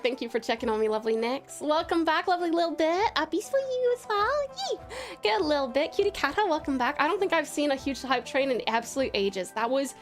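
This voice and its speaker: An Australian woman from Tasmania streaming live, chatting casually and affectionately, giggling and calling her viewers darling and sweetheart. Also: high-pitched. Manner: affectionate, giggly, calls viewers pet names.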